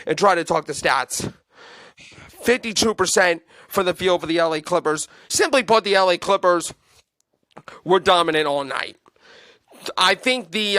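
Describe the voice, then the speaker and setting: Bright, dry-sounding podcast host, super emphatic, keeps hammering the same point, sports fan talk. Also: mid-range voice, no echo. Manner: fan venting, then reading out game stats.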